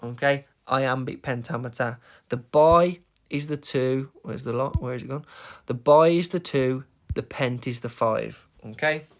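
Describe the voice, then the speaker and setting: Brief: male teacher, mid pitch, emphatic and steady, recorded lesson voice-over. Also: a little slow. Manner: emphatic, tapping out rhythms, frequent "okay?" check-ins. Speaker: English teacher.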